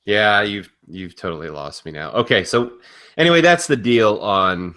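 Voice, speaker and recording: A man co-hosting a casual wrestling and sports podcast, calm and matter-of-fact with a teasing streak. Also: fairly low pitch, normal speed. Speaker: podcast co-host. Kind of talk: casual chat.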